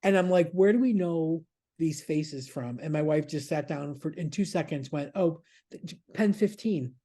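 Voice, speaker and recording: A man's voice: on the high side, moderate pace, mellow. A man chatting casually as a podcast's regular news contributor, rambling, laughing and swearing freely.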